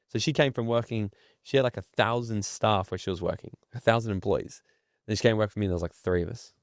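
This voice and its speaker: A man's voice: lowish voice, no room sound, clean studio sound. An entrepreneur speaking as a podcast guest, blunt and profane, telling stories to make his points. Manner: blunt, swears freely, tells stories. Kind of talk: casual podcast interview.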